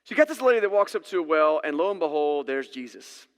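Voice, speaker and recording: Laid-back man preaching to a congregation; fairly high voice, loose storytelling, reverberant church hall. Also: very animated, fast talker, clean tone. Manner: casual, conversational, acts out scenes. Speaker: pastor. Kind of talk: sermon. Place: church sanctuary.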